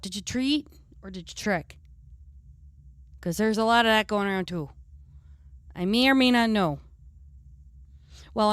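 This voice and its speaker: A woman's voice: on the high side, smooth, no echo, clean studio sound, close to an everyday voice. A woman playing a brash, foul-mouthed redcap fae, a tough mechanic, who chats in character on a live stream with a New York-ish accent and rambling, streetwise talk.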